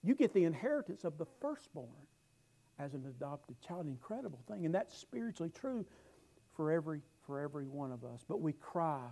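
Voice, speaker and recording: A middle-aged man preaching a sermon, telling stories with emphatic rises and quiet asides. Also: on the high side, sing-song, fairly quick, vocal fry, low-quality recording. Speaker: pastor.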